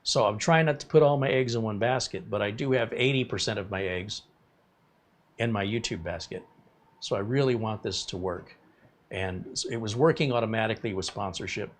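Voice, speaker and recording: A man's voice: on the low side, normal speed. A man in his fifties hosting a live tech stream, chatting casually and rambling between topics while reading viewer comments. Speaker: tech YouTuber host.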